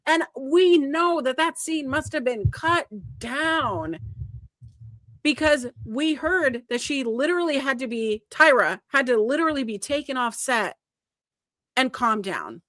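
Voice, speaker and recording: A woman co-hosting a casual podcast, retelling a story with lively emphasis and the odd swear word. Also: sits high, a little slow, no echo, studio quality. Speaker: podcast co-host. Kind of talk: casual chat.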